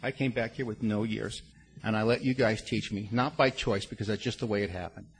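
Speaking fairly quickly in a low, steady, gravelly voice, an older man shares his personal story with a recovery group. He is frank and earnest, curses bluntly, rambles and restarts often, over a little hiss or hum.

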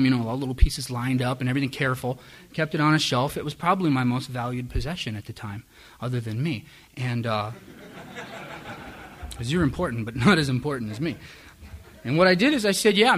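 Mid-pitched man, confessional testimony, self-mocking humor. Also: a bit bright. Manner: candid, self-deprecating, with wry chuckles. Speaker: speaker sharing his story at a recovery meeting. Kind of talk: personal testimony.

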